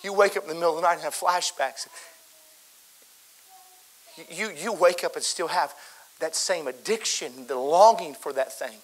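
A man preaching a fervent sermon in a church, full of repetitions and stammered restarts, swinging between loud exhortation and softer pleading. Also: on the high side, moderate pace, pauses often. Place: church sanctuary.

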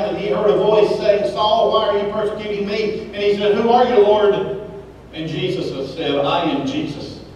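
A man preaching a sermon as a pastor, with emphatic swings between loud exclamations and hushed low lines. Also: lo-fi sound, slight background noise. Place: church sanctuary. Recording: echoey hall, voice from far off.

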